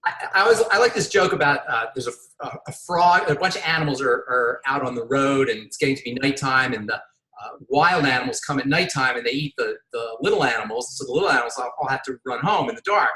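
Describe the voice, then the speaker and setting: A quick-talking man with a fairly high, bright, tense voice, guesting as a pharmacist. He tells jokes with a lively storyteller's flair, and his voice rings in a roomy, echoing space. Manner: joke-telling, lively storyteller. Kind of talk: casual interview chat.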